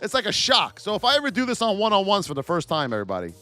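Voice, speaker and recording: A man's voice: high voice, wildly swooping pitch, very fast, sharp tone, soft background music. A man hosting a live stream, calling out stock price levels and joking energetically with his viewers. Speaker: trading educator. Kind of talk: live-stream market commentary.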